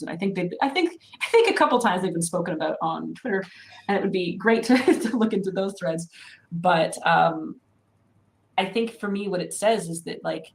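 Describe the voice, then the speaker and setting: A woman's voice: on the low side, rough recording. A woman on a panel discussion who talks thoughtfully and reasons step by step, with frequent "you know"s.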